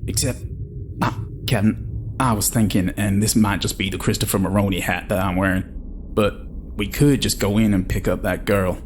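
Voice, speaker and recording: A man voices a brash crewman who boasts and schemes in loose, ungrammatical slang. The voice is pitched lowish for a man and stays boastful and casual. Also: fairly even intonation, fairly quick, slight background noise, lightly acted. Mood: scheming. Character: brash, rough-talking male space crewman.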